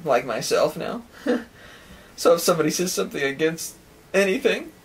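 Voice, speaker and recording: A man talks through a loose, rambling solo monologue for his own show. His voice sits a bit high for a man. He drifts from thought to thought and slips into imagined voices with sound effects. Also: sing-song, moderate pace, husky. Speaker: podcast host.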